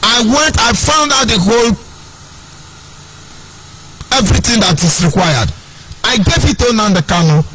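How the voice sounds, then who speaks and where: A man's voice: sits high, expressive, measured pace, pauses often, bright, forceful tone, slight background noise. A Nigerian man with a Nigerian accent giving an impassioned, sing-song political monologue as an online broadcaster. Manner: sing-song, preachy, repeats phrases.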